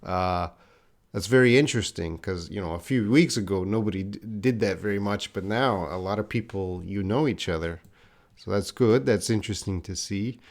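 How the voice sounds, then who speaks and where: A man's voice: fairly low pitch, moderate pace. A man teaching an English lesson on a live stream, drilling words for students to repeat and chatting with viewers in the chat. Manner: chats with viewers, reading the live chat aloud.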